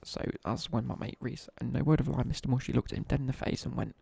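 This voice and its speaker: Talking quickly, a young British man with a warm, husky, medium-pitched voice and vocal fry recounts laddish school tales on a gaming live stream. The sound is dry with no room echo, and his chat is loose, slangy, and peppered with gaming remarks.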